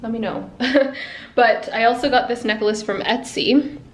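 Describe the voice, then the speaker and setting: A woman's voice: a little high, a little slow, slight background noise. A woman in her twenties with a Canadian accent, chatting casually to camera at home for her vlog, full of giggles and "like" fillers. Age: 20s. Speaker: vlogger. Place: at home in an apartment.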